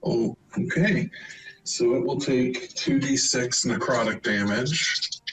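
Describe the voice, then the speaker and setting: Slow-talking man playing a tabletop game. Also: medium pitch, huge pitch swings, fairly bright tone, slight background noise, poor audio. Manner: laid-back, reads out rules and rolls. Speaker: player.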